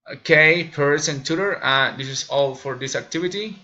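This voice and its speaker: A man who speaks Spanish as his first language, slowly reading English pronunciation drills aloud as a lesson presenter. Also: fairly high pitch, lively intonation, pushed and bright, dull audio. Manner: slow, deliberate reading of example sentences.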